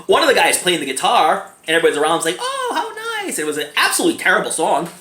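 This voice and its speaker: A man giving a casual movie review, animated and giggly, keeps breaking into laughter. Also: a little high, racing. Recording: echoey room, faint background noise.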